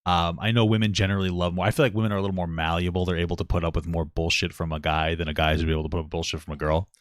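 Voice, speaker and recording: A man's voice: low voice, racing, no echo, clean studio sound. A man in his thirties co-hosting a casual podcast chat, blunt and profane, often laughing at himself. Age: 30s. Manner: blunt and profane, self-deprecating, animated swings in loudness. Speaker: podcast co-host.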